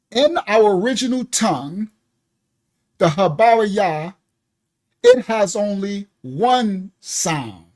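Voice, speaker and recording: Ministry teacher leading a class, talks slow, spells words out, gets everybody to join in. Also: medium pitch. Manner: spells out terms letter by letter, addresses the class as y'all; coaxes the audience to join in.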